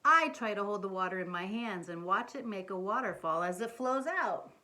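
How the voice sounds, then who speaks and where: A woman reading a picture book aloud to young children, gently coaxing them with questions as she points things out. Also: mid-range voice, expressive, moderate pace. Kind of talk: children's read-aloud storytime.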